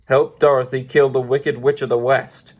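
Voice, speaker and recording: A man voicing a menacing wizard in the shape of a beast, speaking low and growling. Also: level tone, moderate pace, natural voice. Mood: commanding.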